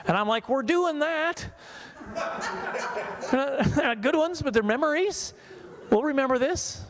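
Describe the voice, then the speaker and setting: Guy from saskatchewan doing a standup set at a church, high voice, laughs at his own jokes. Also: expressive, a little slow, a crowd in the background. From Saskatchewan, Canada. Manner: chatty, self-mocking, laughs at own jokes. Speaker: stand-up comedian. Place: church hall.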